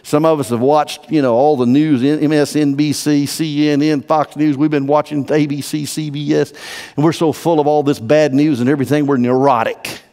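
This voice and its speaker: A male pastor preaching a sermon, emphatic, dropping to a hush and then rising loud. His voice sits a little high. The church sanctuary gives it a long, lingering reverb. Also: steady tone, moderate pace. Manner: emphatic, swinging from hushed to loud.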